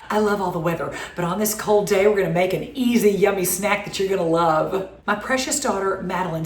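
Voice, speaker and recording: A woman's voice: mid-range voice, a little hiss or hum. A woman in her sixties from the Southern United States, with a Southern American accent, hosting a cooking show from her home kitchen in a chatty, gushing way and laughing often. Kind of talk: casual home cooking chat. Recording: echoey kitchen with faint ambience.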